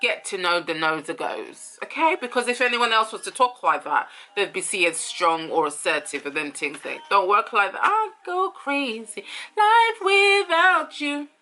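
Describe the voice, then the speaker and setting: A woman's voice: fairly low pitch, lively intonation, normal speed, hardly any pauses, bright, forceful tone, faint music behind. A woman giving casual, opinionated commentary on a reality show, talking in a chatty way with many fillers. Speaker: reality TV reviewer.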